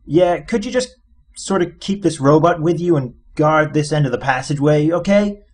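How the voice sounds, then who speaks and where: A brash, swaggering alien adventurer, as a husky-voiced male narrator puts him on. He talks pushy and breezy, pitched up above the reader's own voice, and sometimes hurries. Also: lively intonation, normal speed.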